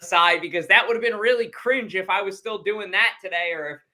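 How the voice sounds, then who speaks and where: A man hosting a podcast, steering the conversation in a relaxed, easygoing way. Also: sits high, a little fast. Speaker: podcast host. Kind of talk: casual podcast chat.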